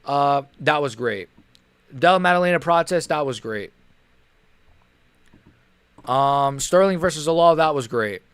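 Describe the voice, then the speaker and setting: A man's voice: fairly high pitch, lively intonation, unhurried, pauses often, fairly bright tone, clean tone, dry recording. A young man hosting a live stream, reacting in casual, rambling talk, frustrated and swearing. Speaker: livestream host.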